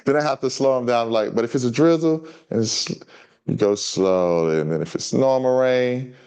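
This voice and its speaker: A man reading a children's story and teaching signs to an audience in a relaxed, chatty way. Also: medium pitch, moderate pace, clean tone. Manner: relaxed, chatty teaching talk with many fillers. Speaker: guest sign language teacher.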